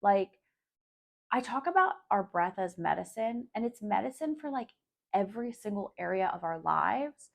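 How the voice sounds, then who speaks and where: On her own podcast, a woman talks straight to her listeners in a casual, candid solo monologue with a coaching manner. Her mid-range voice is expressive and creaky at a moderate pace, and she swears freely and peppers her speech with "like" and "um".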